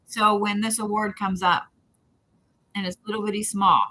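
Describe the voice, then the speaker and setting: A woman's voice: medium pitch, fairly even intonation, moderate pace, sharp tone, poor audio. A woman giving intuitive readings to viewers on a live stream, talking in a rambling, repetitive, chatty way. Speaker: psychic reader.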